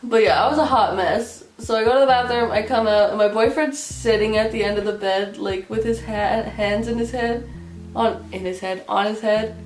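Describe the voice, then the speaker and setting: Seorang perempuan muda bersuara agak tinggi bercerita santai, sering tertawa kecil dan penuh kata pengisi. Suaranya bergema di ruangan, dengan musik latar samar. Ia bercerita kepada penonton vlognya. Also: female voice, a little high, normal speed. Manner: giggly, animated, many fillers. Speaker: vlogger. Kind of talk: casual storytime. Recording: roomy with faint music.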